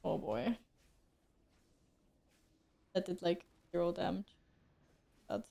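A woman's voice: on the low side, fairly even intonation, slow pace, gravelly, pauses often, mellow. A woman streaming a game, chatting casually with viewers, joking at her own expense and laughing often. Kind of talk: casual gameplay stream chat.

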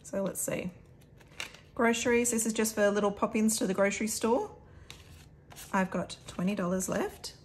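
A woman's voice: mid-range voice, animated, moderate pace, long pauses, a little mellow, a little hiss or hum. An Australian woman vlogging casually at home, chatting to viewers while counting out cash. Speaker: budget vlogger.

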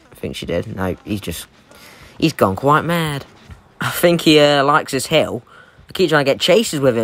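Excitable gamer, lively swings. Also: male voice, mid-range voice. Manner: excitable, swearing, jokey trash talk at the game. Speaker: gaming YouTuber. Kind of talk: live gameplay commentary.

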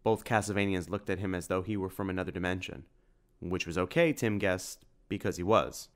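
A man narrates an audiobook in a steady, even way. His voice sits fairly low. He reads the text straight through. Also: fairly quick.

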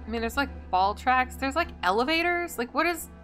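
Bright-voiced woman musing through gameplay. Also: sits high, animated, fairly quick, soft background music. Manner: chatty, thinking aloud, indecisive. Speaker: gameplay video host. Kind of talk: casual let's-play commentary.

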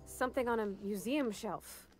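An actress playing a shy, earnest young woman mechanic in a video game, soft-spoken and folksy. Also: fairly high pitch, moderate pace, slight background noise, natural voice. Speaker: game companion character.

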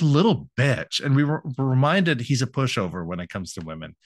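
Profane, animated young man recapping a cartoon. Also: mid-range voice, brisk. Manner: profane, animated retelling with laughs. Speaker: podcast co-host. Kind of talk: casual recap chat.

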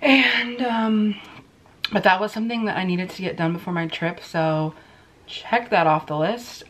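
A woman's voice: medium pitch, a little slow, a bit bright. A young woman chatting casually to the camera as a vlogger, loose and rambling with many fillers. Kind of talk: casual vlog haul chat.

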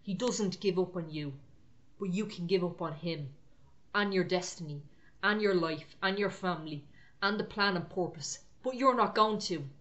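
A woman's voice: on the low side, moderate pace, fairly bright tone. A woman preaching an encouraging prophetic sermon to online viewers, talking in short, repeated exhortations.

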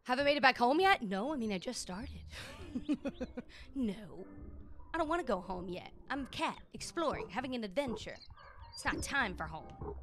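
Playful, lively woman streamer. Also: on the high side, normal speed. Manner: playful, chatty, greets viewers. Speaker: live streamer. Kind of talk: live game commentary. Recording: noisy background.

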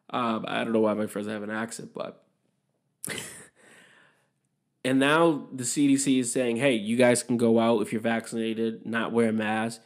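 Speaking a little slowly in a mid-range voice, a young Massachusetts man hosts a solo podcast. He rambles candidly, sharing opinions and cursing without restraint.

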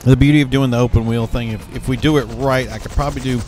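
A man's voice: medium pitch, fairly even intonation, quick pace, darkish tone, slight background noise. Rambling male gameplay commentator. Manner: rambling, thinks aloud with fillers and restarts. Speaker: gaming YouTuber.

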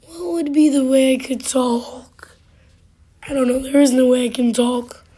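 Hoarse high-voiced woman gaming host. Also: steady tone, mellow. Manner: halting, with many fillers and sudden drops to a whisper. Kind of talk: casual gameplay commentary.

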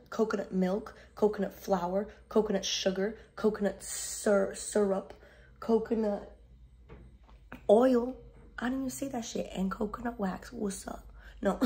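Casual profane woman vlogger, tired and rambling, warm low-toned timbre. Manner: profane, rambling, laughs often. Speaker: beauty brand owner vlogging. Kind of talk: casual vlog monologue.

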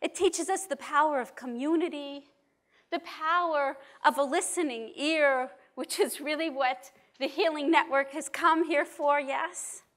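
In a conference hall, a woman rabbi from New York gives a measured, emphatic talk to a conference audience. Her high, slightly bright voice moves at a slow, deliberate pace.

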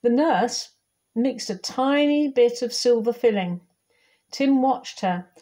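A woman volunteer reading a children's picture book aloud, lively and talking straight to young listeners. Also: a little high, slow. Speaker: volunteer storybook reader.

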